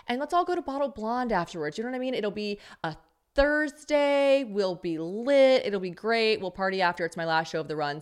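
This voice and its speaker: A woman's voice: mid-range voice, a bit bright, smooth. A woman in her thirties hosting a comedy podcast, talking in a brash, joking, profane way. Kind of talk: casual podcast chat.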